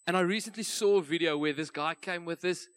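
A man with a South African accent preaching a church sermon in a relaxed, conversational storytelling manner. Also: high voice, brisk. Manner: conversational storytelling, light laughs. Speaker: pastor.

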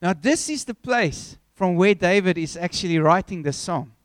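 A man preaching a sermon, telling a story with animated, acted-out scenes. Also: sits high, normal speed, dry recording.

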